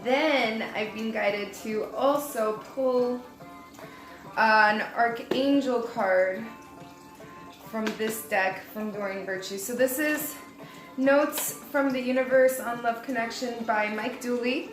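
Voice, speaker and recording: A chatty young woman with a fairly high voice talks her way through a tarot reading, rambling and light. The room is echoey, and music plays clearly behind her. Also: slow pace. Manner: chatty and rambling, laughs at herself. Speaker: tarot reader. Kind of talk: casual spoken tarot reading.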